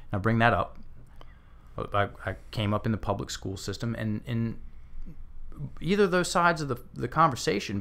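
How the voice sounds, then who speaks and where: Animated man telling a coaching story. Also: fairly low pitch, creaky. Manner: animated, acts out quotes, frequent restarts. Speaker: guest, language coach. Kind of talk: conversational storytelling interview.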